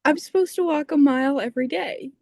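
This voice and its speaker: A man's voice: extremely high pitch, quick pace, vocal fry, a little mellow, no room sound, studio quality, voice pushed up. A man voicing a woman who argues that extra walking makes up for missed days. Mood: wheedling.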